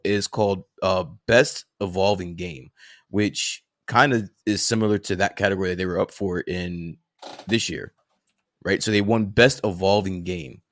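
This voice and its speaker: A man's voice: low-pitched, steady tone, moderate pace, a bit bright. A man co-hosting a casual podcast chat, talking bluntly and heatedly, often repeating words as he pushes a point. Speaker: podcast co-host.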